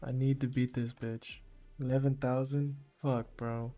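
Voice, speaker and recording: A man giving rambling, profane gameplay commentary, full of slang and sudden excited outbursts. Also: mid-range voice, measured pace, faint music behind. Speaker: gaming YouTuber.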